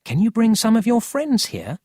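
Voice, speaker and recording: A narrator voicing a quick-tempered, earnest country boy in a storybook reading. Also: mid-range voice, wildly swooping pitch, a little mellow, husky, no room sound, clean studio sound, pitched above the performer's own voice. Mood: worried.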